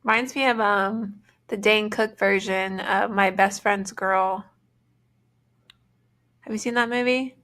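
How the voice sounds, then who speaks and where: A woman's voice: medium pitch, steady tone, slow pace, pauses often, fairly bright tone. A woman co-hosting a podcast in casual chat, reacting with disbelief and asking questions. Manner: incredulous, asks questions. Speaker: podcast co-host.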